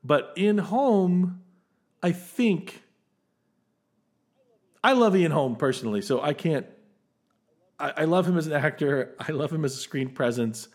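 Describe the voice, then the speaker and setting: Animated, laughing film podcast host man. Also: on the high side, a little slow, long pauses. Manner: animated, enthusiastic, laughs often, many restarts. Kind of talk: casual film discussion.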